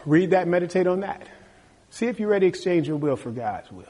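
A man preaching a sermon in an animated, conversational way, acting out little asides to the congregation. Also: sits high, fairly quick.

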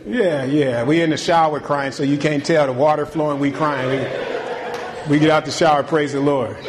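A male pastor preaching. His voice sits a touch high for a man. He moves from soaring, raised exhortation down to hushed, intimate talk and back. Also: steady tone, moderate pace, crowd noise. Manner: swings from loud, high preaching to quiet, low talk; folksy, conversational preaching with call-and-response. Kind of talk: sermon.

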